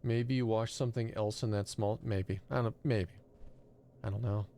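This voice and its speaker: A man's voice: on the low side, fairly even intonation, normal speed, creaky, dark tone, slight background noise. A man streaming a horror game live, chatting and mocking the player character with casual swearing. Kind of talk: live gameplay commentary.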